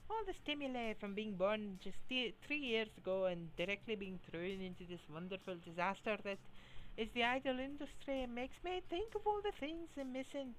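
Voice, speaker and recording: A streamer voicing a young female cyber idol in a put-on, deliberately bad Scottish accent while reading game dialogue aloud. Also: a bit bright, a little hiss or hum, natural voice, poor audio. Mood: wistful. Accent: put-on Scottish, done badly. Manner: high, sing-song idol chatter.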